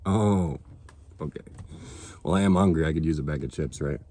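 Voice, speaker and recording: Deep-voiced man on a heated, profane rant. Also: moderate pace, dark tone. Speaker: political vlogger. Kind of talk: ranting monologue to camera.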